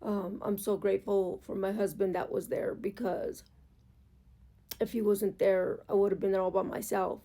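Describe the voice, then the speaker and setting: A woman's voice: medium pitch, little pitch movement, moderate pace, mellow. A woman talking in a candid, emotional, rambling vlog monologue about her own life, recorded at home. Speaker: motorcycle vlogger.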